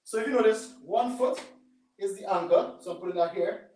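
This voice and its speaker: A man's voice: brisk, darkish tone, far from the mic. Man coaching a band workout in an echoey room. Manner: coaching, repeats "right?" and "boom". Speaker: fitness instructor. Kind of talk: live workout demonstration. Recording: echoey room, away from mic.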